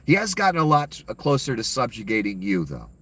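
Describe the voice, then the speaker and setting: A man's voice: mid-range voice, wildly swooping pitch, fairly quick, fairly bright tone, slightly rough. Profane, ranting male commentator. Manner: angry, profane, sarcastic. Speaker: political commentator.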